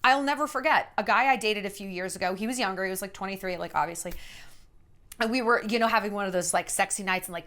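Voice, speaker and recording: A woman's voice: mid-range voice, fast. A woman in her thirties giving blunt, sassy dating advice in a casual vlog monologue. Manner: blunt, sassy, animated storytelling.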